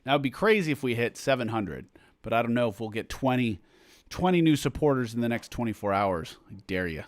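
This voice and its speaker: A man's voice: medium pitch, animated, a little fast. A man chats casually on a livestream from a room at home, reading viewer comments aloud and trailing into rambling asides full of fillers. His voice sits in an ordinary middle range. The sound is dry, with little room echo. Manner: rambling, chatty, self-interrupting with fillers. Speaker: musician hosting a livestream for supporters.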